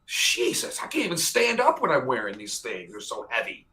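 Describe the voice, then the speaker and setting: Male radio host, animated and bright, jokey studio banter. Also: mid-range voice, normal speed, rough recording. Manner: chatty, joking, exaggerates for laughs. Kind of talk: casual studio chat. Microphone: studio microphone.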